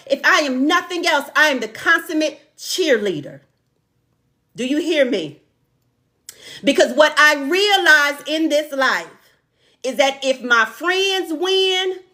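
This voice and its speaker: A woman's voice: high-pitched, sharp tone. A middle-aged woman hosting a live online talk show, speaking, repeating lines for emphasis and calling out viewers by name.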